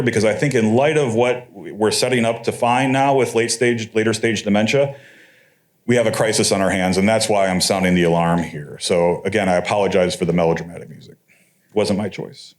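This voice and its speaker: A man is speaking at a conference, and his voice sits somewhat low. He lectures in an easy, conversational way. Now and then he drops a wry, sarcastic aside. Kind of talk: academic lecture.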